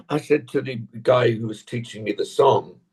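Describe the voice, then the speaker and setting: Older man from England, husky voice, wide swinging pitch, playful anecdotes, home recording. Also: measured pace. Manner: animated storytelling, playful. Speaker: actor, guest. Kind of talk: casual interview chat. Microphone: home recording setup.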